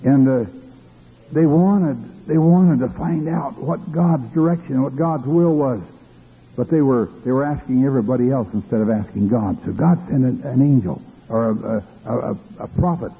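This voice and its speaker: Husky gravelly preacher man. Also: medium pitch, normal speed. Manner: fervent, with repeated hallelujahs and restarts. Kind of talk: sermon. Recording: tinny lo-fi old recording.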